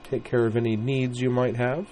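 A man's voice: medium pitch, sing-song, fairly quick, dark tone, a little hiss or hum, voice pushed up, close to an everyday voice. A man putting on a coy, teasing young woman.

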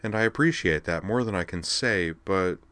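A man reading aloud and putting on a wry, forthright young woman student, raised above his own deep voice. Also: normal speed, fairly bright tone, no echo. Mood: teasing. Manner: wry, teasing.

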